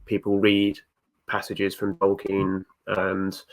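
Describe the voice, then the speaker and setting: A man's voice: deep voice, completely flat delivery, slow pace. A man chatting casually as a guest, with frequent restarts and chuckles. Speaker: guest Tolkien YouTuber. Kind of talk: casual video-call discussion.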